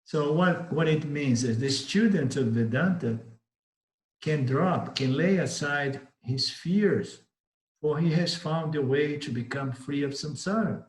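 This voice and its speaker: A man's voice: on the high side, a little slow. A man with a Brazilian Portuguese accent gives a spiritual teaching talk, telling stories, repeating and rephrasing himself and acting out the voices of the people in them. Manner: storytelling, repeats and rephrases, acts out voices in the story. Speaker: Vedanta teacher. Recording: roomy echo.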